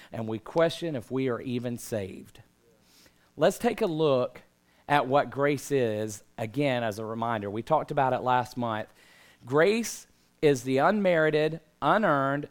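Thirties male pastor, chatty sermon delivery with emphatic peaks, a little winded, higher voice. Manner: conversational, rising to emphatic calls. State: out of breath. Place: church hall with congregation.

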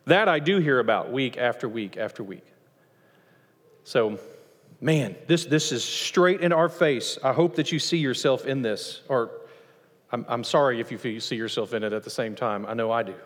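A man preaching a sermon as pastor of a church, lively, acting out voices from the passage as he teaches. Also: normal speed. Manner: animated, acts out quoted voices with rising pitch. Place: church sanctuary. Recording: long church reverb.

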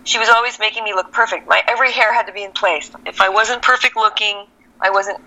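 A woman from Texas with a Californian accent, an actress speaking candidly as an interview guest and telling animated, reflective stories with easy laughter. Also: medium pitch, fast talker, poor audio. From El Paso, Texas. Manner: animated, reflective storyteller who laughs easily.

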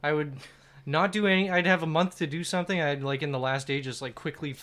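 Bright-voiced laughing man. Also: fairly high pitch, fast. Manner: laughs often, tells stories. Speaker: podcast co-host. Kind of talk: casual comedic chat.

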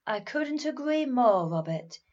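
An actress playing an earnest, instructive voice coach in a comedy panel sketch. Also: female voice, a little high, sing-song, a little slow, a little mellow, highs cut off.

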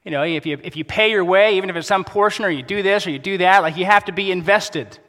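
A pastor preaching a sermon in a casual, conversational way, dropping to a soft, quiet voice for emphasis. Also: male voice, fairly high pitch. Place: church sanctuary. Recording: long hall reverb.

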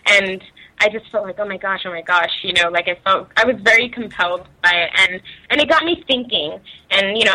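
A woman's voice: medium pitch, sharp tone, poor audio. A young woman from Nigeria, chatting casually as an interview guest, laughing often and using many fillers.

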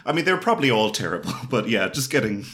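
A man co-hosting a podcast, reacting in casual chat with wry, quick remarks. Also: on the low side, big pitch swings, fairly bright tone. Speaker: podcast co-host.

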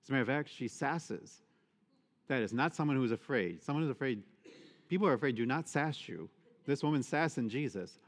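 Male priest, sermon, expressive rhetorical preaching, mid-pitched voice, long church reverb. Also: fairly quick.

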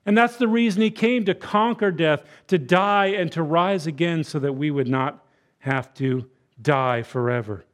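A man in the pulpit preaching, his voice sitting a touch high for a man. He drops into quiet, gentle tones and then builds to loud, ringing emphasis. Now and then he acts out quoted voices to drive a point home. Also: a little slow. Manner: swings from soft, hushed consolation to loud, bellowing emphasis. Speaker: guest preacher. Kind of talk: sermon. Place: church sanctuary.

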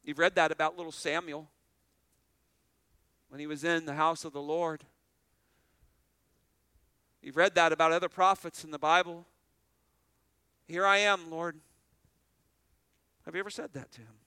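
Bright-voiced man preaching. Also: a little high, moderate pace, pauses often, clear, resonant tone, no echo. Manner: animated preaching, restarts and repeats phrases, laughs between points. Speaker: pastor. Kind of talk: sermon.

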